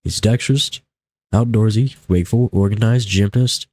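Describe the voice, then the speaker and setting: A man's voice: sits low, moderate pace, darkish tone, no echo. A young man commentating a live game stream in a casual, rambling way, still groggy in his morning voice, on a desk mic at his home setup. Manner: casual, rambling, self-talk while playing. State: groggy just-woke-up morning voice. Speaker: livestreamer.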